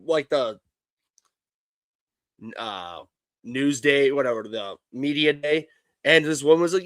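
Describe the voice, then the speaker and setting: A man in his thirties talks on a live sports stream with a slightly high voice. He rambles and restarts his sentences. The sound is close and dry, with no room around it. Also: unhurried, pauses often, a bit bright, dry recording. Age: 30s. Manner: rambling storyteller, many restarts, laughs while telling stories. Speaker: co-host. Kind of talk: casual live-stream banter.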